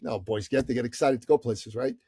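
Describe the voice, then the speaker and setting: A man's voice: mid-range voice, fairly quick, husky, no room sound. A middle-aged man from Iran tells a long story as a podcast guest, with a mid-range voice. He slips into the voices of the people in his tale as he goes. The sound is close and dry. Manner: animated storyteller who acts out the people in his stories. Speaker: guest entrepreneur.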